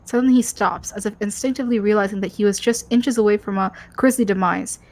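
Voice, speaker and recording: A woman's voice: medium pitch, steady tone, fast, a little mellow. A woman co-host reading a story game's narration aloud, stumbling over words and laughing often.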